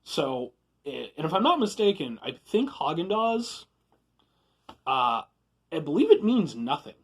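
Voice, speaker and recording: A man hosting a casual food review vlog from a room at home, rambling and self-deprecating, with sudden loud bursts of enthusiasm. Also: a little high, sing-song, measured pace, husky.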